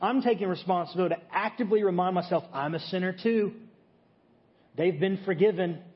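A man with a high voice preaches to his congregation, talking it through plainly and pausing to ask "okay?" as he goes. His words ring out with a long reverb in a large hall. The sound is a bit muffled. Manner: conversational teaching, frequent "okay?" check-ins. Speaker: pastor. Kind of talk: sermon.

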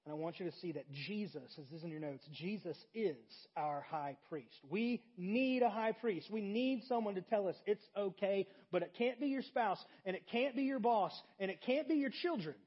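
A young adult man preaching a sermon, telling a story with big swings between loud animated moments and quiet intimate ones. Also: high voice, normal speed, few pauses, slightly rough, muffled recording. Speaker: pastor.

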